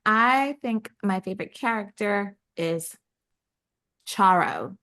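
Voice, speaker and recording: A woman co-hosting a book podcast, retelling a story in a lively, animated way and jumping higher to voice characters. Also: measured pace. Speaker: podcast co-host. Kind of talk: casual book chat.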